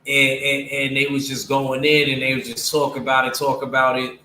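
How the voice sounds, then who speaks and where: A man's voice: mid-range voice, completely flat delivery, moderate pace, sharp tone, roomy sound, a little hiss or hum. A man giving blunt, opinionated boxing commentary to his viewers, casual and slangy, with lots of fillers. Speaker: streamer talking boxing with viewers.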